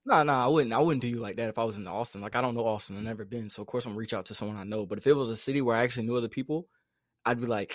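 A man's voice: mid-range voice, very fast, no room sound, clean studio sound. A young man from the Carolinas co-hosting a podcast in casual, slangy chat, often laughing. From North Carolina. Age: young adult. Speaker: podcast co-host.

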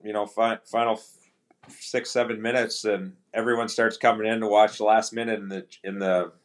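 A middle-aged man with a fairly low voice talks as a guest on a podcast. He tells his stories in a relaxed, chatty way, slipping into the voices of the people he quotes. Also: normal speed. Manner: relaxed anecdotal storytelling, acts out quoted dialogue. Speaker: guest, retired hockey player. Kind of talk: casual storytelling interview.

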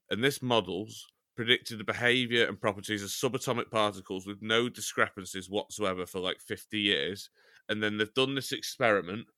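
A man from Chester co-hosts a podcast in loose, joking banter, wandering off on tangents and swearing now and then. His voice is bright and forward. The sound is dry and close, with no room in it. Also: on the low side, dry recording. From Chester, England. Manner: rambling, jokey, swears casually. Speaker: podcast co-host. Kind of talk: casual banter.

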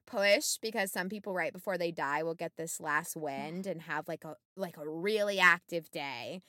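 A woman co-host tells a story in a casual, lively way, full of fillers, and acts out the lines people said. Her voice is bright and clear. The recording is close and dry, with no room sound. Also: lowish voice, normal speed, no room sound. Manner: animated, many fillers, acts out quotes. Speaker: podcast co-host.

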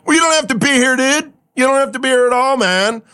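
A man voicing a young, brash male thunder god who talks like a loud gym bro, full of dude and man. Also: very high voice, fast talker, clear, resonant tone. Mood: chummy.

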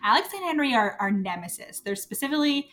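A woman's voice: a little high, big pitch swings, fast, a bit bright, a little hiss or hum. A woman co-hosting a podcast, chatting casually and animatedly, acting out characters' lines with swearing and laughter. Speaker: podcast co-host. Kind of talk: casual book-club chat.

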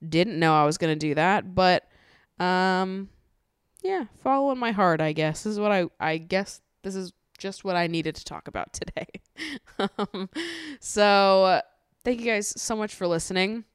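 A woman's voice: medium pitch, a little slow, clean tone, no room sound, studio quality. A woman hosting a podcast in casual chat, candid and blunt, swearing freely and laughing often. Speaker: podcast host. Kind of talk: casual chat recapping a reality show.

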